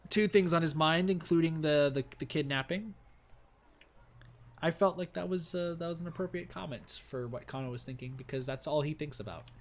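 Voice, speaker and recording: A man streaming a game, reading its narration aloud and reacting in a playful, animated way. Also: a little high, moderate pace. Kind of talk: narrating and reacting to a visual novel.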